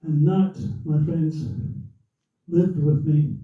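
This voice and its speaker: An older man spins an animated story for a club audience, acting out every voice he quotes. His voice sits fairly high for a man and comes from some way off the mic. It rings around an echoey hall on a dull, lo-fi recording. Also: takes it slowly, far from the mic. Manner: animated, acts out quotes and a commentator's voice. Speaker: former racer telling a story to a club audience. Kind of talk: anecdotal storytelling. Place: club room.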